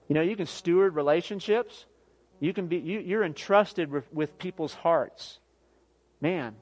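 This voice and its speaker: A man in his thirties preaching a sermon as pastor, emphatic, swinging from near shouts to quiet, often asking "guess what". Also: on the high side. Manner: emphatic preaching, rising to near shouts then dropping soft; repeats "guess what" and laughs at his own jokes.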